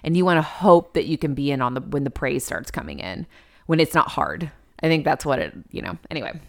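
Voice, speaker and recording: A woman co-hosting a podcast in casual chat, retelling a TV episode in an animated way and acting out the characters' lines. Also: deep voice, brisk. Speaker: podcast co-host.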